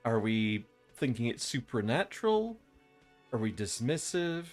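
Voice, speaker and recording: A man's voice: medium pitch, sing-song, unhurried, faint music behind. A man streaming a game, reading the player's lines aloud in a playful, often laughing way.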